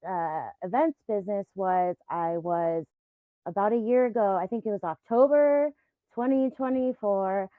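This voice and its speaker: Guest, woman, 40s. Animated, laughing storyteller on a thin phone-quality line. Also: medium pitch, a little slow, no echo. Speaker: guest, event business founder. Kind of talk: casual podcast conversation. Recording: tinny phone-like remote line.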